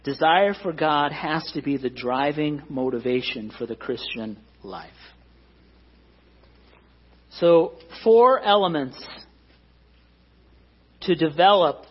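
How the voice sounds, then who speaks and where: Guy preaching, kinda husky, higher voice, earnest and pushing each point, muffled lo-fi recording. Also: animated, takes it slowly, long pauses. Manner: earnest, emphatic preaching with rising stresses. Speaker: pastor. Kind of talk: sermon.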